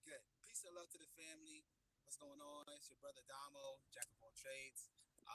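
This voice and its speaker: A man's voice: a little high, bright, forceful tone, a little hiss or hum, poor audio. A man who works as a health teacher greets a community group over a video call in a friendly way, with many fillers. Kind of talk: casual speech to a community group.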